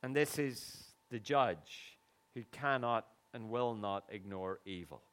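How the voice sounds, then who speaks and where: A man's voice: on the low side, slow, fairly bright tone, smooth. A middle-aged man preaching a sermon in an earnest, conversational way, with sudden emphatic bursts.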